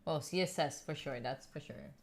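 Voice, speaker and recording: A woman's voice: deep voice, moderate pace, a little mellow. Chatty young woman hosting a study stream. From Italy. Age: young adult. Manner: chatty, giggly, answers chat questions aloud. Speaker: study livestream host. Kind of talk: casual chat with live viewers. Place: room at home.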